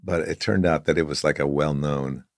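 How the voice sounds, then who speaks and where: A man's voice: extremely low pitch, steady tone, normal speed, no room sound, studio quality. A man who is a guest stand-up comedian, telling rambling stories in casual chat with lots of fillers. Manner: rambling storyteller with many fillers.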